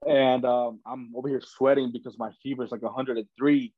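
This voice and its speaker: A man's voice: medium pitch, little pitch movement, a little fast, no echo. A young man, a podcast guest, tells his story in a loose, chatty way, full of "man" and "bro". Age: young adult. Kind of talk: casual storytelling. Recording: dull lo-fi dry recording.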